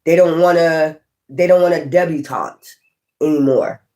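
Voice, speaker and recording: A tarot reader giving a casual reading who laughs often, swears freely and acts out imagined people in quick asides. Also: mid-range voice, fairly even intonation, darkish tone.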